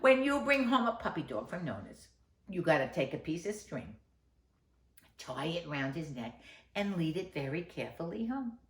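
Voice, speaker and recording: A woman's voice: low voice, very animated, moderate pace. A woman voicing an exasperated mother who scolds her son and tells him what to do, recorded in a roomy space. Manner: exasperated, instructing. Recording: roomy echo.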